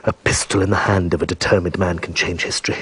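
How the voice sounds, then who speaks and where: A man's voice: low voice, little pitch movement, fast, a bit bright, a little hiss or hum. An actor playing an anxious, brooding Russian nobleman in a radio drama, hesitant and often murmuring to himself.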